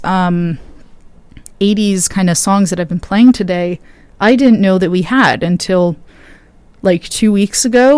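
Woman radio DJ, young, tired, rambling, smooth voice, dry sound. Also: fairly low pitch, darkish tone, no echo. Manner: rambling, self-interrupting, with many fillers. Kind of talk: casual on-air chat between songs.

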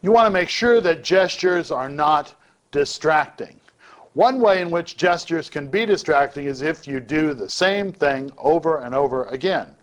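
A man teaching public speaking in a lecture, deliberately shifting his volume and pace to show each point. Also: fairly high pitch, lively intonation.

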